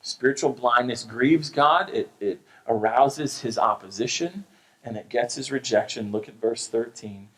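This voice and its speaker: A man's voice: mid-range voice, a little slow, fairly bright tone, poor audio. An American man, a pastor, preaching a sermon in an earnest, emphatic way, often restarting his phrases. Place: church sanctuary.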